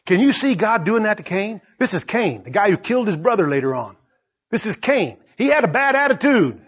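A man preaching a sermon, emphatic and repetitive, swinging between soft asides and loud exclamations. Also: high-pitched, big pitch swings, fairly quick, slightly rough, highs cut off.

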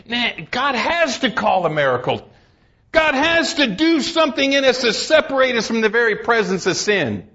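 A man preaching a sermon, emphatic and urging, reading scripture slowly and solemnly and dropping to low, intense tones. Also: a bit bright, dull audio. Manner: reads scripture in slow, solemn cadence.

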